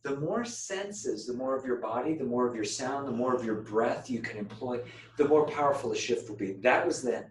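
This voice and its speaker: In a rough, roomy recording, a meditation teacher runs a group workshop, demonstrating phrases playfully and altering his voice to model them. His medium-pitched voice has lively intonation and a moderate pace.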